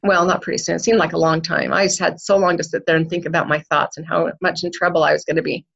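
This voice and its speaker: A woman's voice: on the low side, flat delivery, quick pace, gravelly, a bit bright, muffled recording. A middle-aged woman telling a personal childhood story in an earnest way, at times moved. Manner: earnest, gets emotional. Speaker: guest.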